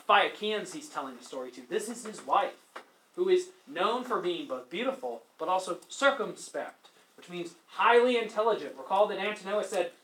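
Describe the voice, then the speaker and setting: A male teacher lecturing a class, animated, asking students questions and acting out quotes as he retells a story. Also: high-pitched. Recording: echoey classroom.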